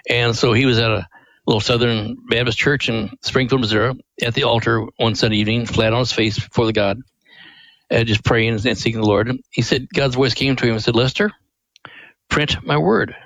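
A man's voice: medium pitch, fairly even intonation, fairly quick, fairly bright tone, no room sound, poor audio. A middle-aged man, a ministry president, telling stories in an earnest, folksy way as a radio guest. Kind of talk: radio interview storytelling.

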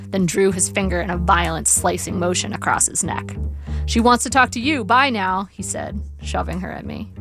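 Woman reading a memoir with vocal fry. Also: mid-range voice. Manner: measured, wry storytelling. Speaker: narrator. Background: faint guitar music.

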